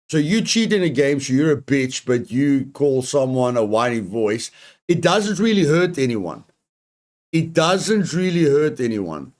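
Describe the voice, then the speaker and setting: Blunt, angry male co-host in a heated rant, swears freely, mid-pitched. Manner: blunt, angry, swears often, repeats himself. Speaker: co-host reacting to news.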